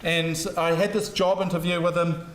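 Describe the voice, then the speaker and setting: A man's voice: a little high, little pitch movement, moderate pace, slight background noise. A middle-aged man giving a humorous, anecdotal university lecture, self-deprecating and full of jokes. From New Zealand. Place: lecture hall. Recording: roomy lecture hall sound.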